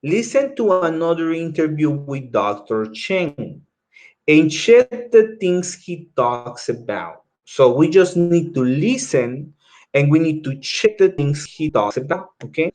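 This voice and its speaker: A man's voice: on the high side, big pitch swings, slow, darkish tone. A man teaching an English class, explaining tasks patiently step by step, repeating himself and often checking in with "okay?". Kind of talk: classroom instruction.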